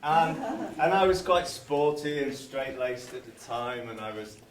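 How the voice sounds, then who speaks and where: A groom tells wry stories in his wedding speech, speaking slowly with a lively rise and fall. He is recorded from a distance in an echoing hall, with clear noise over the sound. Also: mid-range voice. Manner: wry storytelling, slow and animated. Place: large hall with guests. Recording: roomy hall, distant mic, noisy.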